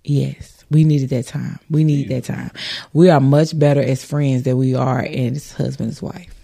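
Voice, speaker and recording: Creaky-voiced woman telling a story. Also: rumbling low, measured pace. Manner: profane, animated storytelling with acted-out quotes. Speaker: podcast co-host. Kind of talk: casual storytelling chat.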